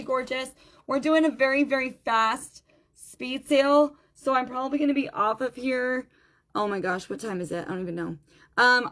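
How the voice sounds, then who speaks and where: Tired, chatty woman hosting a live sale. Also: on the high side. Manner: chatty, greets viewers by name, repeats item numbers. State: tired, low on energy. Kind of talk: live-stream sales chat.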